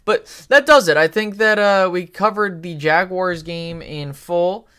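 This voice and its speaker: A man's voice: sits high, unhurried, sharp tone, clean tone. A man hosting a live sports talk stream, giving rambling, opinionated takes with frequent fillers, restarts and casual swearing. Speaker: podcast host.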